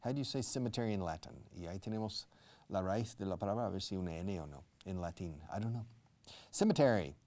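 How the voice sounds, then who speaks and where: A man's voice: low-pitched, very fast, darkish tone. A man teaching English in a live-streamed lesson, explaining words and dropping into Spanish asides.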